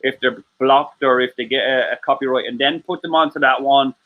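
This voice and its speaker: A man's voice: medium pitch, fairly even intonation, fairly quick, phone-quality sound. A man, hosting a casual live-stream chat, sweary and rambling with lots of laughs. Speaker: host.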